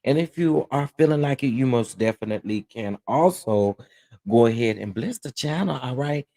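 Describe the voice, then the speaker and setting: A man hosting a live gossip commentary stream, sassy and animated, laughing often and checking in with his viewers. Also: medium pitch, moderate pace. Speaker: host of a gossip commentary livestream.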